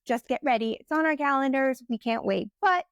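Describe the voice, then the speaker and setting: A woman co-hosting a book podcast, eager and excitable in casual chat. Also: high-pitched, a little fast, dry recording, muffled recording. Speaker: podcast co-host.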